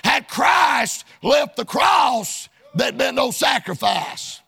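A man preaching a sermon in a fervent, shouted, chanting cadence with frequent "uh"s. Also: very high voice, big pitch swings, slow pace, creaky, slightly rough, faint music behind.

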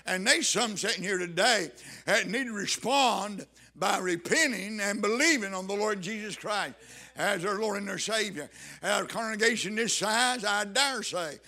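A man's voice: high voice, animated, moderate pace, bright, forceful tone. A man preaching a sermon to his congregation, reading scripture and pressing his points with fervent emphasis. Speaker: pastor.

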